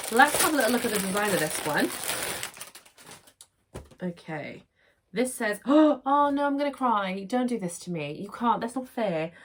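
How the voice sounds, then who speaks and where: A young woman with a gushing, excitable manner, chatting casually as she unboxes items at home. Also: fairly low pitch, noisy background. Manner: gushing, excitable, laughs often. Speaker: unboxing vlogger.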